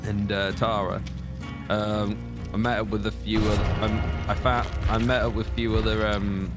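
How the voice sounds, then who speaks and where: A man's voice: fairly low pitch, level tone, moderate pace. A young man chatting on a live game stream, telling stories in a rambling way with many restarts. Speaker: streamer guest. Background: music.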